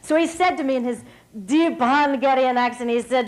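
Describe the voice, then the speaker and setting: High, bubbly woman giving a speech. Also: lively intonation, measured pace, a little mellow, rough recording. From West Virginia. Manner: upbeat, storytelling, emphatic. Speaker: hall of fame speaker. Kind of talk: public speech. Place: stage at an evening banquet.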